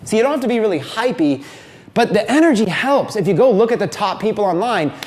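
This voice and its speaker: A man giving a live online marketing training, talking energetically and emphatically, with quick repetitions to drive points home. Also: high voice, big pitch swings, a little mellow.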